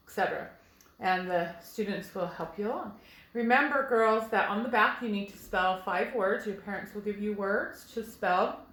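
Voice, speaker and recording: A woman teaching a phonics lesson to first graders, patient and slow, explaining each step to young children. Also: mid-range voice, fairly bright tone. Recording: echoey room.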